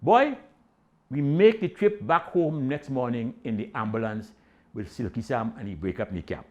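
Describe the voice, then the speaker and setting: Lively Trinidadian male storyteller. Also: mid-range voice, normal speed, highs cut off. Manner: animated Caribbean-dialect storytelling with voiced quotes. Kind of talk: comic storytelling.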